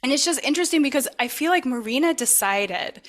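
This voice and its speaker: Brief: woman podcast host, slightly high voice, encouraging, casual interview chat. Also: expressive, quick pace.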